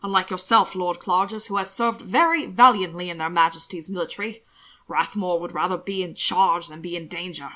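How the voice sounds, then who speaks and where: Woman putting on a flustered portly old gentleman. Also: lowish voice, normal speed. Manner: flustered, fretful, loud. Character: portly fussy older male official in a dress.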